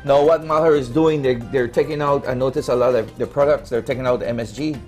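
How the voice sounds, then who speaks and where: A man's voice: medium pitch, steady tone, fast, darkish tone, faint music behind. A Belizean man cooking on a TV show, chatting casually with many fillers and repeats. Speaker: cook.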